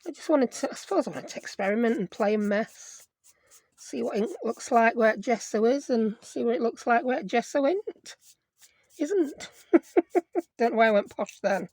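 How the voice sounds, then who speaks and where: A woman's voice: a little high, a little fast, darkish tone, no room sound. A woman hosting a casual craft tutorial, chatty and self-deprecating, thinking aloud as she works. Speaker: craft video host.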